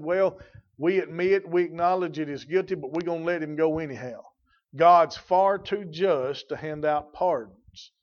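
Folksy man preaching a sermon, muffled. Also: on the high side. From rural. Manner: folksy, emphatic preaching with rising and falling intensity.

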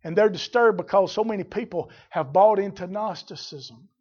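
A man preaching a sermon, building from plain talk to shouted fervor in folksy dialect. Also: high voice, moderate pace, husky, lo-fi sound. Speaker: pastor.

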